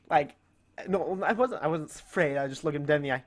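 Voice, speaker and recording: A man's voice: a little high, quick pace. A teenage boy hosting his own channel, rambling through stories in a casual way and laughing often at himself. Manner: rambling, with frequent self-amused laughs. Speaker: channel host. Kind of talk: casual storytelling vlog.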